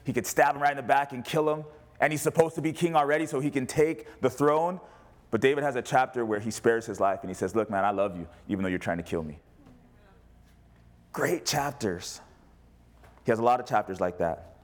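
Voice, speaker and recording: A man preaching as a pastor, animated, rising to loud cries and dropping to quiet asides. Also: mid-range voice, brisk. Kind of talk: sermon.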